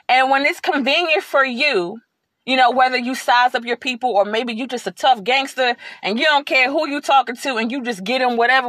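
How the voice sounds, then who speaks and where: A woman hosting a podcast, telling a personal story in a casual, animated way and acting out the lines she quotes. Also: sits high, no room sound. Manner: animated, repeats words, acts out quotes. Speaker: podcast host.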